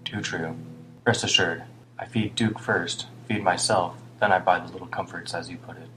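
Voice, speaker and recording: A man's voice: low voice, steady tone, moderate pace, music in the background, close to an everyday voice, low-quality recording. A man voicing a weary, older homeless British man who rambles ruefully and reproaches himself. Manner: rambling, rueful, muttering at times.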